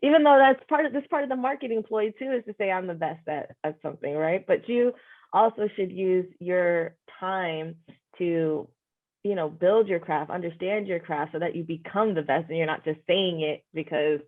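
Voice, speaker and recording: A woman's voice: lowish voice, moderate pace. A woman hosting a podcast interview, reflective and affirming, often saying "you know". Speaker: podcast host. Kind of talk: conversational interview. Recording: phone-like narrow sound.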